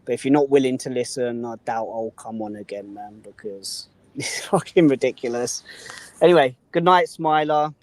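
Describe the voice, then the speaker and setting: A man's voice: mid-range voice, normal speed, dry recording. Defensive sweary man calling in. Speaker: guest caller on a livestream. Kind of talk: casual argument.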